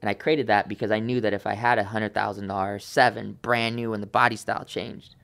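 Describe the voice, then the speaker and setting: Young guy telling his story on a podcast, gets animated, does little voices for people. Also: lowish voice, fairly quick, creaky. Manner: animated, acts out quoted voices. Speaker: guest. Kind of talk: casual storytelling.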